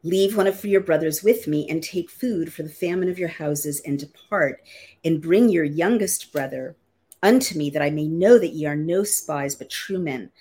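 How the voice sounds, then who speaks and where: A woman with a low, husky voice reads old scripture aloud at an unhurried teaching pace. She keeps stopping to restate the archaic words in everyday language, the way a Bible teacher walks a class through a passage. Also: dark tone. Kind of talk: reading scripture aloud with plain-language glosses.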